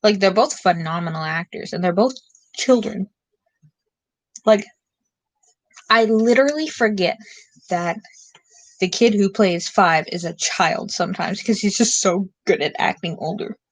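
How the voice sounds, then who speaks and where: Casting: young woman, late-night streamer, slow unhurried musing chat, dry close sound. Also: medium pitch, no echo, rough recording. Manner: rambling, musing, with filler words.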